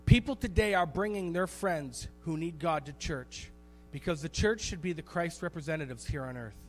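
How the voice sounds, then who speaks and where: A man preaching a sermon as pastor in a church, animated and storytelling, repeating phrases for emphasis. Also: fairly high pitch. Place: church sanctuary.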